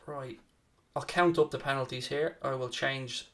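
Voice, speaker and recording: A young man hosts a live football watchalong, chatting casually and answering viewers by name. His mid-range voice is a bit bright, with fairly even intonation and an unhurried pace.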